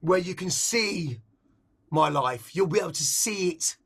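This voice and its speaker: A middle-aged man from England with a noticeably high voice, reflecting in a casual interview. He rambles, circles back and repeats himself as his thoughts run ahead of his words, with an intense edge to his talk. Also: lively intonation, unhurried, vocal fry, fairly bright tone, slightly rough. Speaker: interviewed artist.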